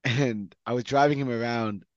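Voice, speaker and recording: A man's voice: mid-range voice, fairly even intonation, normal speed, no room sound. Young male interviewer, casual, talks in loose run-ons, dry dull recording. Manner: chatty, often checks in with "you know what I mean".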